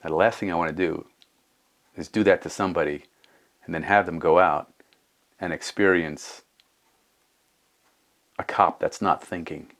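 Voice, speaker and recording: A man's voice: low-pitched, fairly even intonation, normal speed, pauses often, fairly bright tone. A man in his fifties talking earnestly in a casual conversation, thinking aloud and restarting his sentences. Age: 50s.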